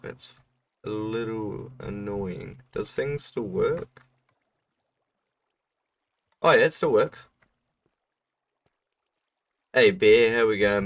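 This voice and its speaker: A man's voice: fairly low pitch, unhurried, vocal fry, recorded from a distance, a little hiss or hum. A young man streaming a game, casually explaining a build to a viewer and laughing now and then. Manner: laid-back explaining, laughs often. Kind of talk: casual gameplay commentary.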